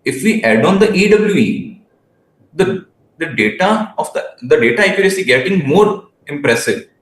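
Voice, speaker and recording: A young man in his late teens gives interview answers. His phrasing is halting and he often restarts his sentences. His voice sits a little high and rings in an echoey room. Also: sing-song, fairly bright tone. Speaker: guest researcher.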